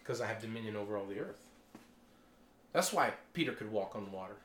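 A man preaching a casual sermon to a small group, animated and chatty, exclaiming as he tells stories. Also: on the low side, fairly quick, reverberant, a little hiss or hum.

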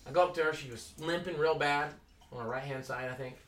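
Male Christian teacher, bright and lively storyteller, echoey room. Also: on the high side, fast talker, distant mic. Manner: animated, acts out quoted voices. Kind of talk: casual storytelling talk.

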